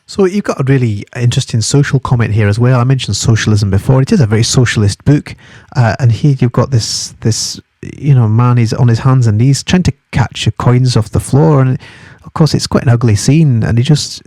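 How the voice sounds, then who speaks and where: Scottish male teacher, mellow and dry. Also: medium pitch, a little fast, dry recording. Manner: conversational, with frequent restarts. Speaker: English literature teacher. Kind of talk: reading a novel aloud and explaining it for exam study.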